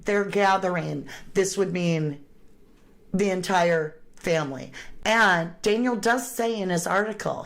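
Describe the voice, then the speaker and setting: A middle-aged woman giving a conversational, emphatic run of speculative true crime commentary as the show's host. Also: on the low side.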